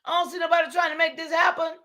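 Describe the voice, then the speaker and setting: A middle-aged woman, hosting a livestream and preaching to her viewers, excitable and calling out to them, breaking into shouts. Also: very high-pitched, very fast. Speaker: livestream host. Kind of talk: impassioned livestream talk.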